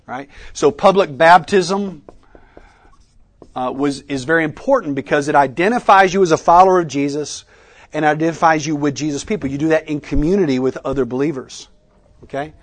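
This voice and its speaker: In a conference room before a live audience, a man with a fairly high voice leads a teaching workshop. He quizzes the crowd interactively, pausing for their answers, and drops a Southern "y'all" into his speech.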